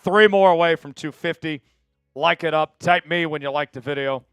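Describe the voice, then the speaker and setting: A man's voice: fairly high pitch, moderate pace, clean tone, no echo, faint music behind. A man hosting a live draft stream, chatting casually with viewers and hyping each pick. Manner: chatty, excitable, hypes viewers for likes.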